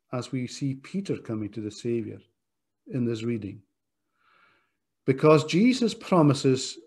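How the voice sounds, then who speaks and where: A man's voice: medium pitch, dark tone. A man preaching a sermon as pastor, earnest and direct, appealing to his listeners. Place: church.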